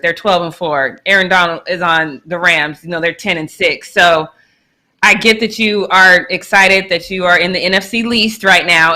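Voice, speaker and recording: Woman, young adult, sports talk co-host, bright, animated and playful. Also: on the low side. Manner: animated, laughs often, playful teasing.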